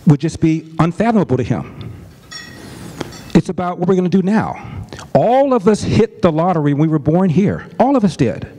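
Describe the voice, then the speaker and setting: A middle-aged man telling a family story as a commentator, earnest and deliberate, stressing points with repetition. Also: fairly high pitch, warm tone. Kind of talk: storytelling speech.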